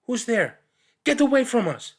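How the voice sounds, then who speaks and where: A man reading a storybook aloud and voicing a bossy, sharp-tongued young girl with a sarcastic, threatening manner. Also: on the high side, big pitch swings, normal speed, breathy edge, voice pushed up, full character voice. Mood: frightened, defensive.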